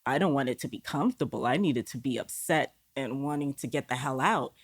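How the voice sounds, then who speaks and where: As a podcast guest, a woman with a deep, low, slightly rough voice shares a personal experience, speaking a little fast and with animation. She is candid, curses occasionally, and acts out the inner voices she heard through quoted dialogue.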